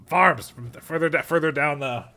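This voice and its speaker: A man's voice: on the high side, moderate pace, pushed and bright. A man voicing a hesitant male street-food vendor who stumbles over his words. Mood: flustered.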